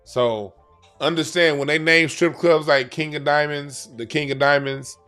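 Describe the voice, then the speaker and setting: A man's voice: a little high, steady tone, a little slow, sharp tone, smooth, soft background music. Emphatic slangy man explaining cards. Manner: emphatic, repetitive, slangy, restarts phrases. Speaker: card reader. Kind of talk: casual explainer monologue.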